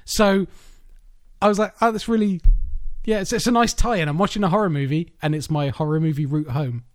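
A man, co-hosting a casual film chat, animated and laughing often. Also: fairly high pitch, brisk, no room sound, clean studio sound. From England. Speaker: podcast co-host. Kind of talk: casual chat about films.

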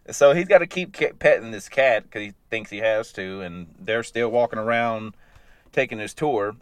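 A man casually recapping animated episodes in a loose, rambling way, chuckling as he goes. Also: on the low side, moderate pace, clear, resonant tone, dry recording.

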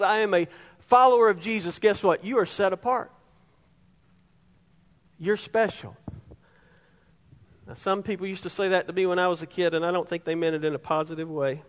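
A middle-aged male pastor with a very high voice delivers a sermon, leaning on repeated phrases for emphasis. His voice carries a long reverb from the hall around him. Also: a bit bright. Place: church sanctuary.

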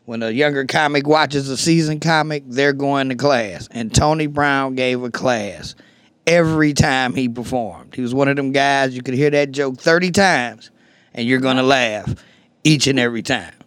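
A man hosts a show and gives a casual tribute in an earnest, easygoing tone. His voice is smooth and clear at an average pitch. The recording is close and dry, with no room echo. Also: normal speed, fairly bright tone. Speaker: show host.

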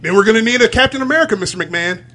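A high-pitched man talks through a joke pitch in a casual comedy chat. He delivers it playfully, in a mock-serious tone. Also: expressive, rapid-fire, pushed and bright.

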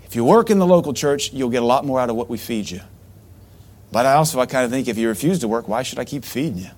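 A middle-aged man preaching a sermon as pastor, animated, with sudden loud outbursts and mocking asides. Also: medium pitch, fast.

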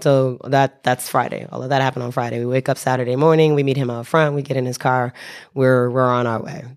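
A man recounting a travel mishap in a loose, conversational way. He stumbles, restarts and self-corrects often, with a wry, amused edge. He slips into quick impressions of the people in his story. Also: mid-range voice, little pitch movement, clear, resonant tone. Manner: rambling, self-correcting, wry, acts out voices. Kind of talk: casual spoken anecdote.

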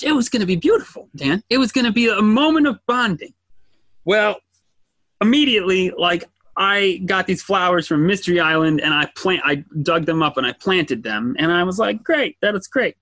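A man co-hosting a casual chat, an animated storyteller who acts out his own yelling as a father. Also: high-pitched, no room sound. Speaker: podcast co-host, father.

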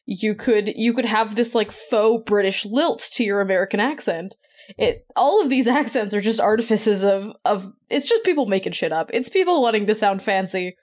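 A woman's voice: medium pitch, expressive, moderate pace, a little mellow. A woman from Canada co-hosting a podcast, chatting casually and riffing with frequent laughter. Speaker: podcast co-host. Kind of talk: casual chat.

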